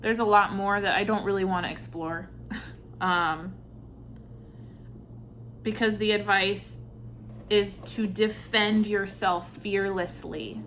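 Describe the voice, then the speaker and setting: A woman giving an intuitive tarot reading, speaking softly and reflectively, with sighs and pauses between thoughts. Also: medium pitch, fairly even intonation, a little hiss or hum. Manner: slow, soft-spoken, reflective, with sighs and pauses. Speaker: tarot reader.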